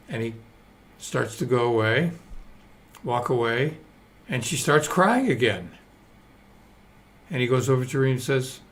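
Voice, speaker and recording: A man in his seventies hosts a live stream, delivering a loose, digressive, self-mocking monologue with occasional swearing. His mid-range voice is expressive and unhurried, broken by long pauses.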